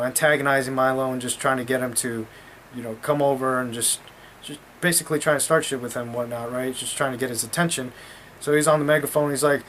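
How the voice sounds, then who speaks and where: A man's voice: mid-range voice, fairly bright tone, slight background noise. A man telling a story in a casual vlog, talking in a blunt, profane, rambling way.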